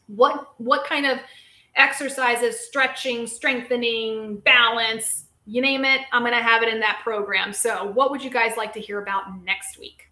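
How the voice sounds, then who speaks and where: A woman hosting a casual live-stream Q&A as a physical therapist, chatty and lively, talking straight to her viewers. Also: a little high, a little slow, echoey room. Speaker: physical therapist and show host.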